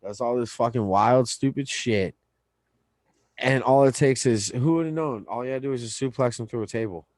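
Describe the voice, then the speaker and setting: A man's voice: mid-range voice, normal speed, a little mellow, no echo. A man co-hosting a podcast, reviewing wrestling in a loose, profane casual chat and often trailing off mid-sentence. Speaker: podcast co-host.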